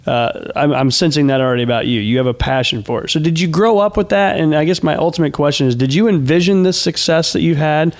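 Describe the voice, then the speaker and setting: A man's voice: on the high side, fast talker, few pauses. A man hosting an interview show, chatting in a friendly way and asking long, rambling questions. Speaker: host. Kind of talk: casual interview talk.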